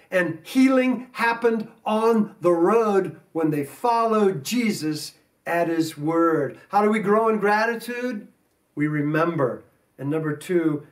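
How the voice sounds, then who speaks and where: A man with an American accent preaching a sermon as pastor, earnest, with slow emphatic stresses. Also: on the high side, far from the mic. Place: church sanctuary.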